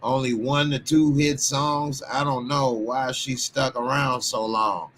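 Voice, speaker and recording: A man's voice: medium pitch, steady tone, a little slow, slight background noise. Slangy, chatty Texan man. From Texas. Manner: loose, slangy, chatty asides with sudden loud bursts. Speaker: commentary channel host. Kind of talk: casual commentary reading viewer comments.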